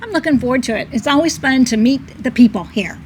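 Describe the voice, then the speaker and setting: A woman's voice: high voice, animated, fairly quick, darkish tone, a little hiss or hum. A woman co-hosting a casual interview show, chiming in cheerfully with short remarks. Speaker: co-host. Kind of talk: casual video introduction.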